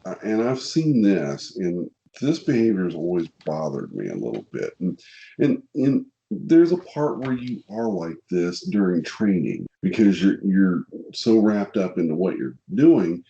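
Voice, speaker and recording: A man's voice: low-pitched, sing-song, measured pace, gravelly, mellow, highs cut off. A man with a Missouri accent co-hosting a casual podcast, plainspoken and blunt, getting fired up as he talks. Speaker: podcast co-host.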